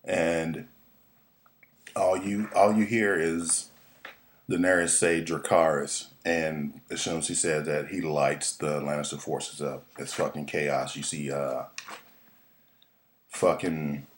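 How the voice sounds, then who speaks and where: Male recap host, extremely low voice, profane, excitable, lots of ums and restarts. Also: slow pace, pauses often. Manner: profane, excitable, rambling with many fillers. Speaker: podcast host recapping a TV episode. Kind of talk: casual TV episode recap.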